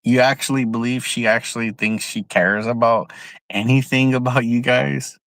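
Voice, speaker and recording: A man's voice: mid-range voice, fairly even intonation, moderate pace, fairly bright tone, no echo. A young man from San Jose, California, ranting bluntly and profanely on a casual livestream, often repeating himself, speaking outdoors. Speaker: livestream host.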